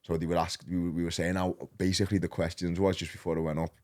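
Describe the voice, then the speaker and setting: A man in his thirties with a Liverpool accent, a podcast guest telling his story in a rambling, animated, slang-heavy way. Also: low voice, quick pace. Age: 30s. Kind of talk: casual storytelling.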